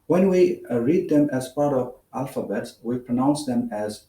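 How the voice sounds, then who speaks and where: A man with an Indian English accent giving a spoken English lesson, explaining in a measured way with many "uh" fillers. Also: medium pitch, lively intonation, mellow, roomy sound, recorded from a distance, poor audio. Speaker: English teacher.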